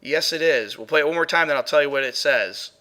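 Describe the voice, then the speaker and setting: A man's voice: fairly high pitch, fast, bright, forceful tone. A man hosting a live paranormal stream, chatting casually as he plays and reviews audio clips with his chatroom. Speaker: paranormal show host.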